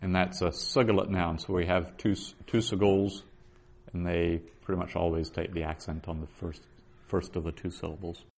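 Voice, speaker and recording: A man teaching a Biblical Hebrew class, reading verses aloud slowly and then patiently explaining the grammar. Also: sits low, level tone, vocal fry. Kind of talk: slow explanatory lesson.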